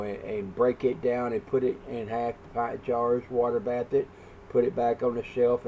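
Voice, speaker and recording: A man chatting casually on his vlog about stocking his home food shelf, talking in a rambling, folksy way with lots of pauses. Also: medium pitch, dark tone, slight background noise. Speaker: vlogger, home food prepper. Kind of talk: casual chat.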